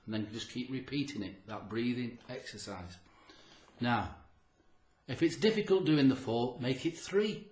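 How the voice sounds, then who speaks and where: A man's voice: mid-range voice, animated, measured pace, a little mellow. Man for a motivational health vlog: earnest and emphatic, repeats himself for effect, slightly out of breath, roomy echo. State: audibly short of breath. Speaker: health vlogger. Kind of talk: motivational talk to camera.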